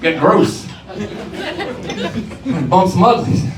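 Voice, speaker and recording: A man's voice: high voice, extremely slow, very noisy. A man doing a stand-up comedy set in a club, telling brash, swearing stories with quoted voices. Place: comedy club stage before a live audience. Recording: roomy club recording from a distance, crowd laughter.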